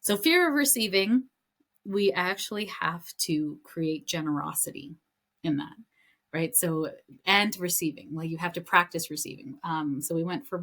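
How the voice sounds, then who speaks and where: A woman's voice: on the low side, fairly bright tone. A woman hosting a podcast, telling stories in a casual, chatty way with many fillers and some enthusiasm. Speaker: podcast host. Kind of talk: casual spiritual talk.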